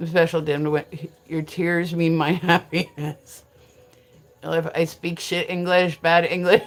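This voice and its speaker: A woman's voice: mid-range voice, fairly bright tone. A woman live streaming in a casual, rambling, frank and joking way, with lots of filler words.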